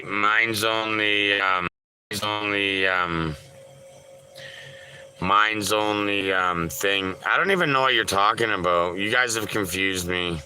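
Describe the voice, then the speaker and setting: Man, livestream host, slightly low voice, unhurried drawl, jokey rambling chat, calls out viewers by name. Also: bright, forceful tone, rough recording. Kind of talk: casual live-stream chat.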